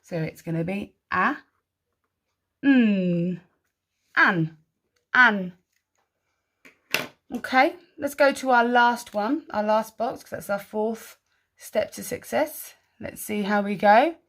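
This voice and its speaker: Slow-spoken woman teaching spelling. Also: a little high, animated. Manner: slow, clearly sounding out words and syllables; encouraging, praising answers. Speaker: primary school teacher. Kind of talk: spelling lesson for children.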